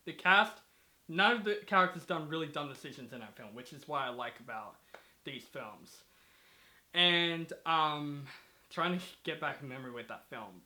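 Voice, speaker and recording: A man's voice: fairly high pitch, sharp tone. A man hosting a casual movie review chat, talking in a rambling, enthusiastic way with many fillers. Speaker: host of a movie review channel.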